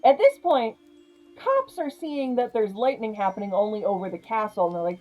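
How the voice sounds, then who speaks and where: A young woman casually recapping a horror comedy, chatty and animated, laughing often. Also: on the high side, normal speed, faint music behind, low-quality recording. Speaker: film reviewer.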